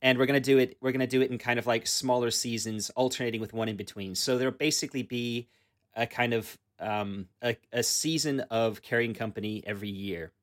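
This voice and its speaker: This man co-hosts a tabletop gaming podcast, his mid-range voice steady and fairly quick. He chats casually about tabletop games, rambling along with plenty of fillers and restarts.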